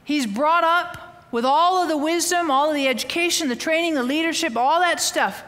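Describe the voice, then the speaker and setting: A woman teaching a Bible lesson, telling the story with lively, animated acting-out of the quotes. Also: sits high, normal speed, big-room sound. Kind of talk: teaching sermon. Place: outdoors, windy.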